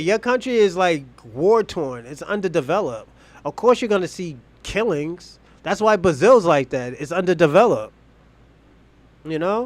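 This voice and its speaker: A young man from the Boston area chatting casually on a livestream, rambling and profane, laughing often. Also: high-pitched. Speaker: streamer host.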